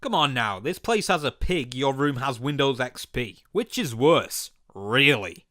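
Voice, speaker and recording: A man's voice: medium pitch, lively intonation, a little slow, pushed and bright, soft background music. Incredulous, sarcastic male cartoon reviewer. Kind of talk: comedic review commentary.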